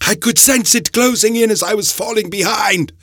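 Brief: a man playing a frail old professor, high strained voice, breathless and insistent, storybook reading. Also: sing-song, unhurried, vocal fry, fairly bright tone, slightly rough, no echo, studio quality, heavily acted. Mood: urgent. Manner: urgent, breathless pleading.

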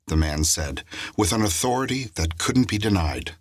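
A man reads a crime story aloud in steady, scripted audiobook narration. His voice sits very low with a husky grain. The sound is dry and close. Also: moderate pace, no echo.

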